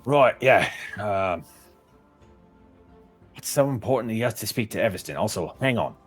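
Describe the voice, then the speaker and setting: A man playing a tabletop game, bantering quickly in character. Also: fairly low pitch, lively intonation, slightly rough, soft background music. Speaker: player.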